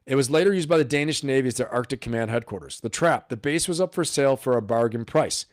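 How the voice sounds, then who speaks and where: A man hosts a casual live stream, addressing his viewers directly with animated energy and lots of rhetorical questions. He talks fast at a medium pitch, in clean studio sound with no room noise.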